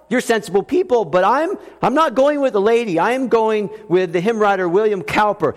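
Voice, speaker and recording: High-voiced preacher in a reverberant hall. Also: male voice, normal speed. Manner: lively, humorous storytelling preacher. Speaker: pastor. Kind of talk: sermon.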